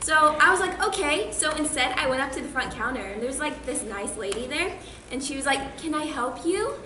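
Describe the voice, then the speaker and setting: Actress as a high-voiced, giddy stage-play girl, cheerfully unhinged, roomy echo. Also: expressive, fairly quick, bright, forceful tone. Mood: gleeful, manic. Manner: gushing, giggly, breezy about violence. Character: bubbly, unhinged young woman with an imaginary celebrity friend. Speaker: student actor in a stage play. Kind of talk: comic stage monologue. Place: school stage or hall. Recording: roomy stage recording with noise.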